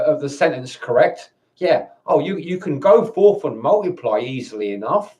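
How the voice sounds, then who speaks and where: A man's voice: a little high, a little mellow. Angry, stammering man ranting. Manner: angry, swearing, stammering restarts. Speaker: vlogger.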